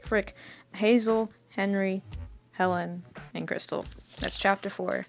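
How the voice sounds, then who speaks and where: A woman's voice: medium pitch, fairly even intonation, slow pace, vocal fry, soft background music. A young woman rambling through her old comic with self-mocking casual commentary.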